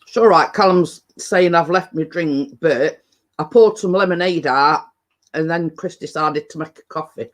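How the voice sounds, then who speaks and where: A man's voice: on the high side, moderate pace. A man with a British accent hosting a casual live-stream chat with viewers, rambling and hesitant, full of fillers and restarts, sometimes talking while eating. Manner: chatty, eats while talking.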